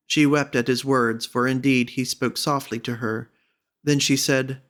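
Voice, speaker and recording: A man reading a classic storybook aloud as an audiobook narrator, in a measured, even manner. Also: mid-range voice. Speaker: audiobook reader.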